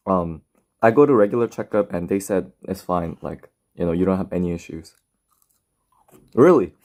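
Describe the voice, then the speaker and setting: Rambling casual male streamer. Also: lowish voice. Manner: rambling, filler-heavy, chatty. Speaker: streamer reading chat. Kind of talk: casual live-stream chat. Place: home, in bed.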